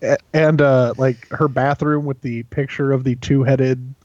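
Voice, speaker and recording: A man's voice: mid-range voice, fairly even intonation, measured pace, darkish tone, dry recording, muffled recording. A man chatting casually on a podcast, rambling with lots of filler words and frequent laughs. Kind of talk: casual chat.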